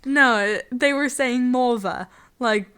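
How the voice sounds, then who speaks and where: A woman's voice: a little high, measured pace, fairly bright tone. A woman co-hosting a casual podcast, retelling a film's plot in a giggly, playful, joking way. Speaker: podcast co-host. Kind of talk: casual movie review chat.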